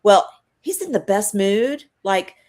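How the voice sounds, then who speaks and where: A woman in her fifties talks as a guest over a video call. She speaks earnestly and persuasively, leaning into a preachy tone, in a voice of ordinary middle pitch. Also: big pitch swings, slow pace, darkish tone. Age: 50s. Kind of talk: casual interview chat.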